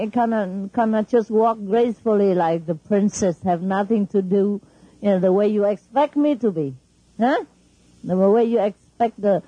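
Husky woman teacher, animated talk. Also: a little high, no echo, dull audio. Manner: animated and emphatic, laughing often, non-standard English grammar. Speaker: spiritual teacher. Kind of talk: informal talk to followers.

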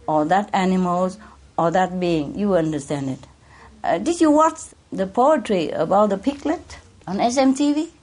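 Woman, interviewee, heartfelt and halting, mid-pitched, casual conversation. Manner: earnest and emotional, halting with restarts and soft laughs. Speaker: interviewee addressed as master.

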